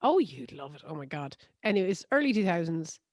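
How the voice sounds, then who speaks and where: A woman with an Irish accent co-hosting a casual podcast, telling stories in an animated, laughing way. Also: lowish voice, brisk, no room sound, clean studio sound. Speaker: podcast co-host. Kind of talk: casual chat.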